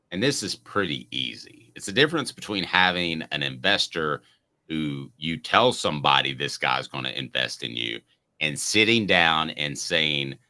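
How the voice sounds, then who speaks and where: A man's voice: a bass voice, bright, forceful tone. A man hosting a sports talk show, talking casually and rambling through long explanations with many restarts. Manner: rambling, restarts mid-sentence.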